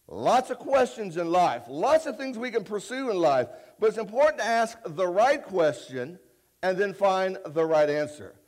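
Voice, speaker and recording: High-voiced folksy male preacher. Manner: folksy, conversational storytelling; animated, rises loud and high when retelling a story. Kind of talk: sermon.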